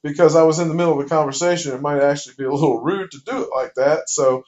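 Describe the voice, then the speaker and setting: A man's voice: fairly high pitch, fast talker. Man telling a story on a dull lo-fi recording. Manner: lively, plays out each exchange. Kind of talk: casual spoken anecdote.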